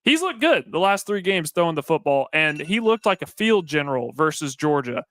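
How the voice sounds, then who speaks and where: A man with a Southern accent co-hosting sports radio, breaking down games point by point in an earnest, analytical way. His voice sits fairly high and sounds smooth and clear. The recording is dry. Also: big pitch swings, normal speed, fairly bright tone, no echo. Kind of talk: casual sports talk.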